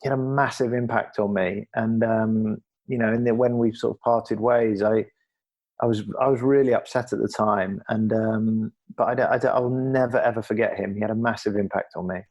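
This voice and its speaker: A middle-aged man from England talks candidly in an interview, his low voice staying level and even. He is earnest and reflective, and he often circles back and restarts phrases as he gathers his thoughts. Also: moderate pace, lo-fi sound. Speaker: podcast guest, former athlete.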